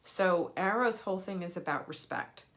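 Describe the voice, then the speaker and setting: A woman's voice: on the low side, moderate pace, a bit bright. A woman who is an energy healer, giving a live teaching talk in an earnest, explanatory and emphatic manner. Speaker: energy healer for people and animals.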